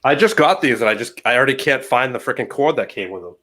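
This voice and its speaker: A man's voice: mid-range voice, expressive, quick pace, bright, forceful tone, a little hiss or hum. A man on a remote call with a headset, flustered and grumbling, swearing casually in a livestream chat.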